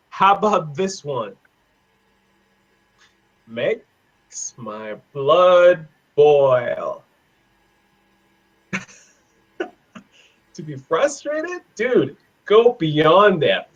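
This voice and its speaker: A man teaching an online English class on idioms, playful, laughing often and repeating phrases slowly. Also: on the high side, a bit bright, muffled recording. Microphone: video call.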